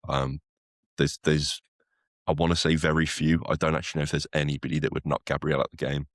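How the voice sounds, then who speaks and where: A man with an extremely deep, low voice chats casually about football as a podcast co-host. He rambles, restarts sentences and leans on fillers. The sound is dry and close. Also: little pitch movement, brisk, no room sound.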